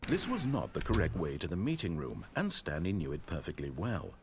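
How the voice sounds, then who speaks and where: A dry, wry game narrator who tells the tale in a measured, faintly ironic way. His voice sits low but rolls through a wide, expressive range, with a soft hiss of noise beneath it. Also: full character voice. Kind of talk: scripted narration.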